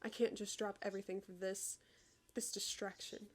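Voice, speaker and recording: A woman reads aloud the lines of an aloof, irritable teenage boy wizard who brushes everyone off, sighing dismissively. Her medium-pitched delivery is flat, plain, and only lightly acted at a normal speed, with no accent, more like reading from a chat on a screen than performing.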